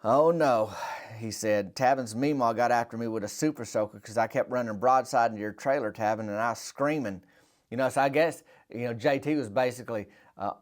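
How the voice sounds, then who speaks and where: Folksy Southern man spinning a tale. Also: medium pitch. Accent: Southern American. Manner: folksy, rambling, dry. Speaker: comedy storyteller and podcast host. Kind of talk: deadpan rural comic storytelling.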